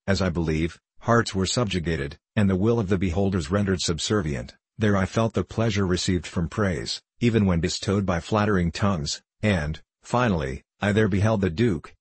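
A man voicing a tearful, proud noble young lady in an audiobook reading, in a husky voice. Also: low voice, no echo.

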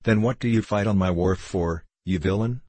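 A man's voice: lowish voice, moderate pace, mellow, slightly rough, no room sound. A man reading the part of a gleeful, cruel grown male dwarf, coaxing in a leering way and then threatening savagely.

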